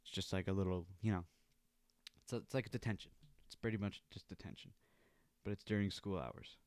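Low-voiced man telling a rambling story. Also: a little fast, a little mellow, no room sound. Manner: rambling, swears freely. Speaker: podcast host. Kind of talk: casual storytelling.

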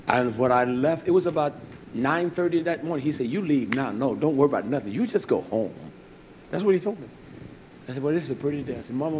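A man's voice: mid-range voice, slight background noise. An older man telling a personal story, animatedly acting out what people said and often repeating his words. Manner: animated, acts out quoted dialogue, repeats words. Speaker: speaker giving a testimony.

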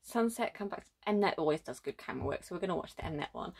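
A young woman hosting a reaction vlog, gushing breathlessly, sighing and slipping into soft whispers as she talks. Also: on the low side, lively intonation, fast talker, creaky, husky. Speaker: reaction video host. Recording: faint music behind.

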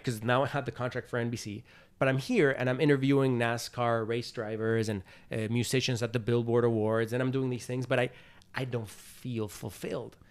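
A man of middle pitch talks in a relaxed, candid interview. He rambles a little, stacking "like" and "you know" as he tells a personal story, and slips into short quoted lines from his own head. His delivery sounds unscripted and conversational. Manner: chatty, loose storytelling full of "like" and "you know"; acts out his own past thoughts in quotes. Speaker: interview guest, TV host and producer.

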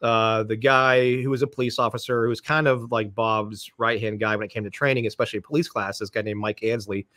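A man's voice: fairly low pitch, steady tone, a little fast, hardly any pauses, pushed and bright, no echo, studio quality. Man in his fifties telling stories. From Florida, United States. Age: 50s. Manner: rambling anecdotes, acts out quoted voices. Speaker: podcast guest, police dog trainer. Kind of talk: casual storytelling.

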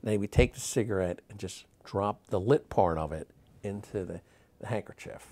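A man in his sixties, a magic historian, telling stories in an interview, animated and rambling with many fillers and restarts. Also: fairly low pitch, fairly quick. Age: 60s. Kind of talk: interview storytelling.

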